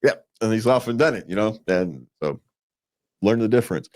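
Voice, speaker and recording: A man's lowish, slightly mellow voice is animated and moves at a normal speed. He co-hosts a relationship advice show in a relaxed, rambling style, with restarts, repeated words and regular chuckles.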